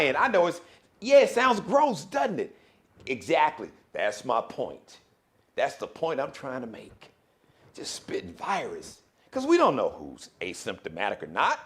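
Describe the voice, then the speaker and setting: A man hosting a live daily show, giving an animated, preachy monologue that swings between loud outbursts and hushed warnings. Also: mid-range voice, unhurried.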